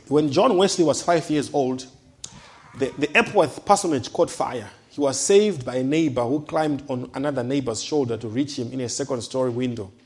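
A man preaching a sermon, emphatic, rising to loud declarations and dropping to soft low asides.

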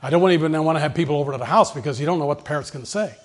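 A man's voice: fairly high pitch, racing, close to an everyday voice. A man voicing a frustrated preacher complaining to his congregation about his foul-mouthed parrot. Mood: exasperated.

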